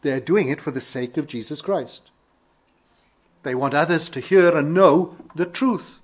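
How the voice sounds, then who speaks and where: A man from Wales with a Welsh accent, preaching an earnest sermon with emphatic rises and quiet falls. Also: fairly high pitch, unhurried, husky. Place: church in London.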